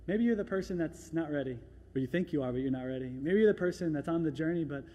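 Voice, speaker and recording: A man preaching a sermon as pastor, moving from quiet, reflective lines to loud, fervent exhortation, and acting out doubters in a small hushed voice. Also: on the high side. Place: large church hall. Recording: echoey church hall.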